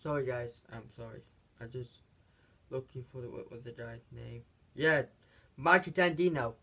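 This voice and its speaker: A man giving a casual, rambling movie recap, halting often and restarting his sentences. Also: mid-range voice, steady tone, creaky, sharp tone. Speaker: movie reviewer.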